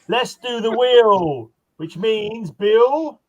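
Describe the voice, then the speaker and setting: Gruff mock-bossy male host. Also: extremely high pitch, moderate pace, a bit bright. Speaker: show host. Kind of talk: casual panel banter.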